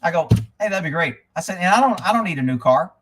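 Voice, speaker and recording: Casting: middle-aged man, high-pitched voice, loud, blunt type A ranter, swears constantly. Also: lively intonation, fast talker, slight background noise. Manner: loud, profane, type A storyteller. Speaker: host of a live stream. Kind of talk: casual ranting monologue.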